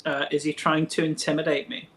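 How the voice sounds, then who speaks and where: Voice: mid-range voice, little pitch movement, fairly quick, fairly bright tone, faint music behind. A player at a tabletop game who laughs often.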